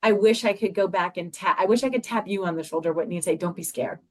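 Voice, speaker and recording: Speaking quickly in a medium-pitched, slightly mellow voice, a middle-aged woman appears as a guest and mother in a heartfelt podcast interview. She's earnest, repeating herself while she hunts for the right words.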